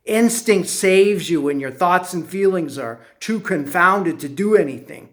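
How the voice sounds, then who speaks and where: A man telling a personal story as a motivational speaker, slow and deliberate, drawing lessons from it. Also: high voice, lively intonation.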